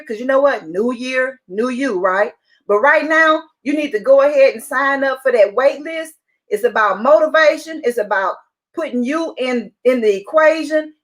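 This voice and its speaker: A woman speaking as a motivational speaker on a call, pitching with excited, upbeat urging that keeps repeating its point. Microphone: call audio.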